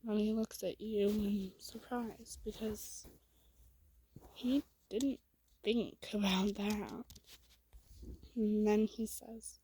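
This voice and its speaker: Woman storyteller, whispered role-play; breathy, slow, flat delivery. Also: mid-range voice, low-quality recording. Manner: soft, hushed and slow, with small slips.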